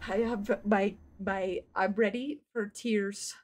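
A woman streamer giving live gameplay commentary, excitable, swearing and laughing as she talks to her chat. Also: mid-range voice, slow, slight background noise.

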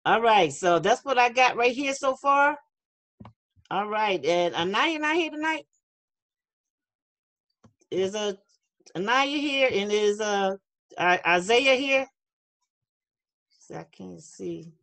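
A woman's voice: medium pitch, animated, slow, long pauses, a bit bright. Lady running a kids' zoom class, chatty, reads the chat out, kinda encouraging. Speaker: online youth class leader. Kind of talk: casual online class for kids. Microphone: video call.

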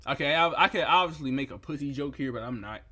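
A young man reviewing food photos in a comedic reaction rant, incredulous and profane, breaking into loud outbursts. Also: fairly high pitch, fast talker.

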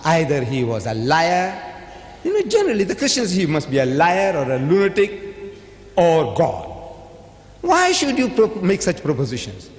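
A man giving a public debate speech in a lively, preacher-like way. He sometimes acts out the voices of the people he quotes. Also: on the high side. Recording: echoey hall with long reverb.

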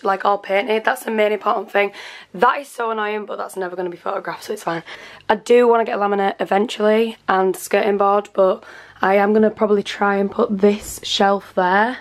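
A young British woman in her twenties, chatting casually and upbeat to camera in her bedroom at home, filming on a handheld phone. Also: mid-range voice. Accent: British English. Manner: chatty, upbeat, rambling with fillers. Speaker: vlogger.

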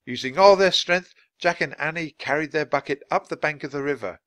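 A man's voice: on the high side, fairly quick, a bit bright, dry recording. A man reading a children's chapter book aloud at natural speed for language learners, with dramatic expression. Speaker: narrator.

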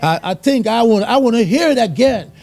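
A church speaker with a very high, expressive voice and a darkish tone gives a conversational sermon testimony at a brisk pace. He asks the congregation questions and chuckles as he goes.

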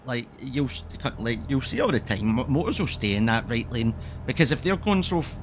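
A man's voice: mid-range voice, background noise. A man giving casual, rambling commentary while playing a driving game, swearing freely as he chats. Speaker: streamer.

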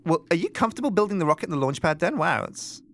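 A man hosting a game let's play, chatting in an animated, rambling way and thinking aloud. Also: high voice, racing. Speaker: host.

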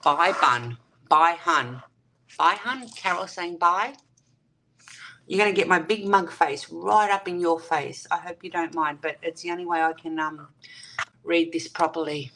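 A woman's voice: fairly low pitch, measured pace, background noise. An Australian woman hosting a casual livestream, chatting and greeting viewers by name with pet names. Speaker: livestream host. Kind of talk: casual livestream chat reading viewer comments.

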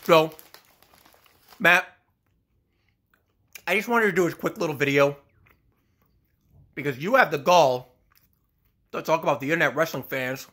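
A man's voice: high voice, bright, forceful tone, husky. A man delivering an angry, profane, sarcastic rant as a wrestling fan vlogger, coughing now and then. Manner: sarcastic, mocking, swears a lot; coughs between phrases.

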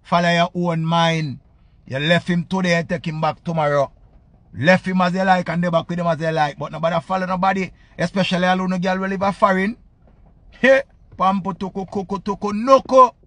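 Jamaican guy ranting loud and cussing, high voice, dry close sound. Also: level tone, a little fast, dry recording. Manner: loud, profane, repetitive patois rant. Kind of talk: ranting monologue.

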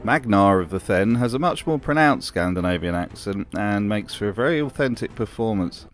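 A man's voice: fairly low pitch, expressive, normal speed, faint music behind. A man narrating a wry commentary voice-over in a dry, sardonic manner. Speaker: video narrator.

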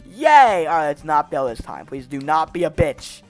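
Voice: mid-range voice, normal speed, faint music behind. A gaming channel host giving gameplay commentary, frustrated and swearing, with raging outbursts.

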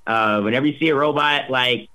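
A man's voice: medium pitch, fairly quick, sharp tone, rough recording. A young man, a voice actor, chatting upbeat in an interview, rambling with lots of fillers and restarts. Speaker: voice actor guest. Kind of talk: casual interview chat.

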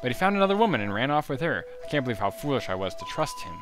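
A man's voice: medium pitch, big pitch swings, very fast, music in the background, lightly acted. A man reading the part of a regretful young woman from a video game, in an earnest, plain voice close to his own. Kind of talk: video game dialogue read aloud.

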